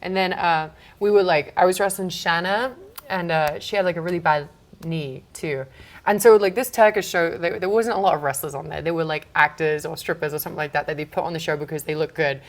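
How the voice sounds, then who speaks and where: Young woman, animated storyteller, casual interview guest, lots of fillers. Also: low-pitched, brisk. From England. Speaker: guest, wrestler.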